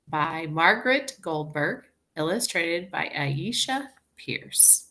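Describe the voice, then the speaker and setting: A woman teacher leading a reading lesson for young children, talking slowly and clearly in an encouraging way. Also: low voice, lively intonation, pushed and bright. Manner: slow, clear and encouraging, sounding out words.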